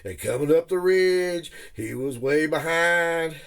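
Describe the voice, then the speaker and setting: A man spins a folksy, joking yarn in a gravelly drawl. His voice sits a bit high for a man. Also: measured pace. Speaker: former tree planter. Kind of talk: folksy storytelling monologue.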